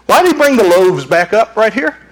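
A man preaching a sermon as a pastor, animated, acting out screams and voices while he tells the story. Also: high voice, brisk.

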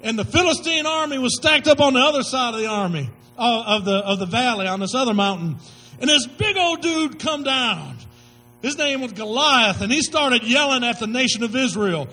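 A man's voice: very high-pitched, lively intonation, moderate pace, bright, forceful tone, low-quality recording. A male pastor preaching a sermon, telling stories in folksy slang with emphatic delivery.

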